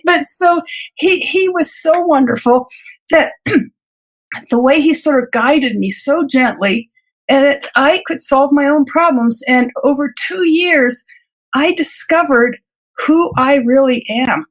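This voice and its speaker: Woman doctor, interview guest, high voice, reflective storyteller, light laughs, halting repeats. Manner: earnest, reflective, laughs lightly between thoughts; halting restarts and repeated words. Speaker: physician guest.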